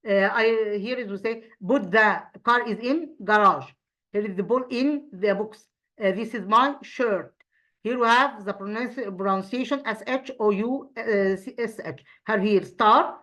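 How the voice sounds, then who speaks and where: Halting woman teaching a children's English lesson. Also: fairly high pitch, a bit bright. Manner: halting, many fillers and restarts, explaining step by step. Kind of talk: primary school English lesson.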